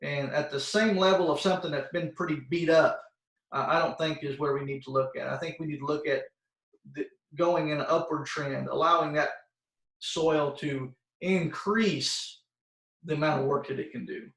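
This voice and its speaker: A man's voice: a little high, fairly even intonation, normal speed, a bit bright. A man giving an informal, plain-spoken educational talk to schoolchildren, full of fillers and restarts, over a video call. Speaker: soil health expert presenting to schoolchildren. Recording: roomy sound, voice far from the mic.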